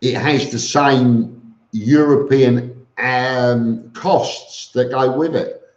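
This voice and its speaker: A middle-aged East London man with a medium-pitched, darkish voice drags out his words as he hosts a live stream as a vlogger. He answers viewers in a blunt, rambling, casual way, full of ums and restarts. The audio sounds roomy and slightly dull.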